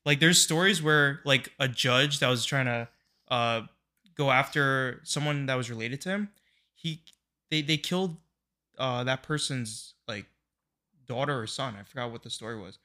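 A man's voice: mid-range voice, moderate pace, pushed and bright. A man co-hosting a comedy podcast, chatting casually and rambling through stories with many restarts. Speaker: podcast co-host. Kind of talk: casual chat.

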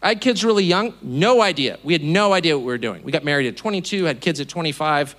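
A man in his fifties delivers a speech in an auditorium, his voice high, bright and ringing. He sounds indignant and mocking, and his pitch rises and falls widely as he acts out the voices of the people he quotes. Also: expressive, quick pace. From California. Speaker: speaker. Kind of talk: speech to a live audience.

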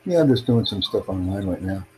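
A man's voice: low voice, expressive, a little fast, noisy background. A man hosting his own livestream podcast, chatting casually with callers in a rambling, repetitive, self-promoting way. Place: in the United States.

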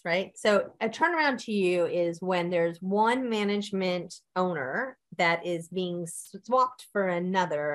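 A woman hosting an interview who asks probing follow-up questions. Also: fairly low pitch. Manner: inquisitive, probing follow-ups. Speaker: interviewer host.

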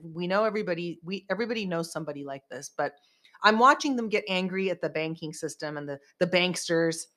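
A woman's voice: fairly low pitch, a bit bright. A woman hosting a podcast in casual chat, rambling and emphatic as she vents. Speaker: podcast host.

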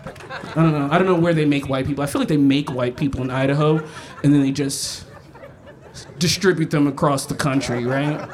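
A woman doing a profane, animated stand-up set on a live stage, breaking into mimicked voices as she tells stories. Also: low-pitched, fairly quick. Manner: animated, profane, mimics others mid-story. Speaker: stand-up comedian. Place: stage at a live festival event.

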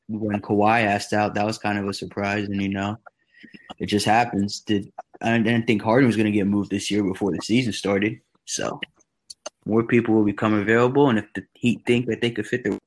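A man joining a casual sports chat, talking in a relaxed, conversational way. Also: lowish voice. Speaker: podcast guest.

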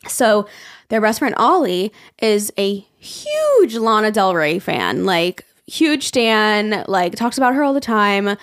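A woman's voice: medium pitch, no echo, studio quality. A young woman co-hosting a podcast, talking in a chatty, rambling way and swearing freely. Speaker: podcast co-host. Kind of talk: casual podcast chat.

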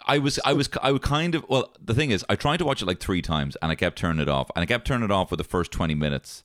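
A man co-hosting a casual film chat, animated and swearing freely as he acts out lines from scenes. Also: deep voice, quick pace, no echo, clean studio sound. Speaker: podcast co-host reviewing films.

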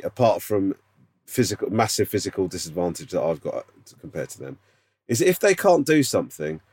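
A man's voice: fairly low pitch, darkish tone, no echo. A man co-hosting a casual podcast chat, teasing his friend with incredulous questions. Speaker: podcast co-host.

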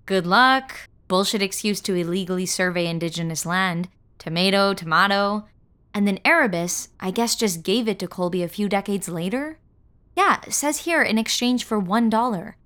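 A woman reading a first-person audio story as narrator, in a measured, wry storytelling manner. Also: mid-range voice, fairly bright tone.

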